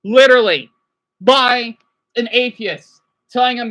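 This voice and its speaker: A man's voice: extremely high pitch, sing-song, moderate pace, pushed and bright. A man ranting on a live stream, agitated, swearing often, stumbling over restarts and answering his chat. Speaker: livestreamer.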